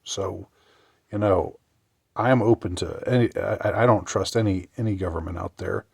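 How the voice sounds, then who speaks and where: A man giving sarcastic political commentary in a halting way, often restarting his sentences. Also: sits low, gravelly, husky, no room sound, clean studio sound. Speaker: commentary vlogger.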